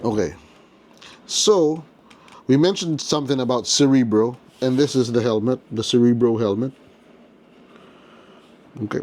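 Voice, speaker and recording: A man's voice: mid-range voice, normal speed, long pauses, a little mellow. A man hosting a casual toy unboxing, chatty and playful with jokes as he goes. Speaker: toy collector host.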